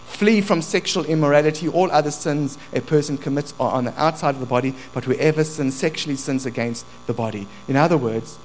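A man's voice: fairly high pitch, rough recording. Fervent male preacher, faint hum behind. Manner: rises from quiet asides to loud fervent preaching. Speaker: pastor. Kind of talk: sermon.

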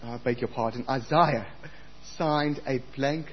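A man preaching a sermon, acting out scripture voices with big swings in loudness and emphasis. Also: mid-range voice, unhurried, a little hiss or hum. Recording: dull lo-fi sound.

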